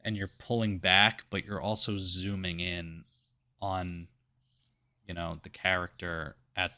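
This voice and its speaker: A man co-hosting a casual movie review podcast, blunt and swearing, with quick asides. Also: sits low, flat delivery, sharp tone. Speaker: podcast co-host.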